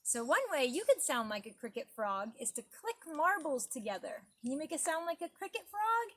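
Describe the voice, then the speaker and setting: A woman's voice: high-pitched, big pitch swings, normal speed, noisy background. A woman leading a preschool storytime lesson outdoors by a garden pond, talking in a sing-song teacher voice to small children.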